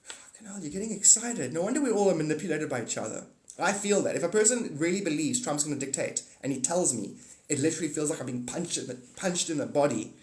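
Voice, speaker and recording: A man ranting casually on a livestream, rambling and profane, swinging from mutters to excited outbursts. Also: a little high, fast. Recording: echoey room.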